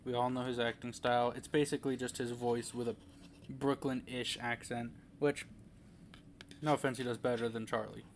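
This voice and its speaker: A man's voice: medium pitch, level tone, normal speed, slight background noise. A young man giving a casual, rambling movie review, full of fillers and restarts.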